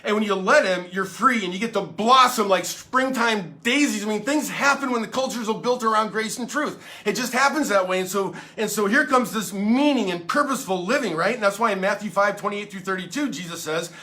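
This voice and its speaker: A man's voice: high voice, brisk, hardly any pauses, sharp tone. A man pastor giving a casual storytelling sermon, earnest and playful, with many fillers and restarts.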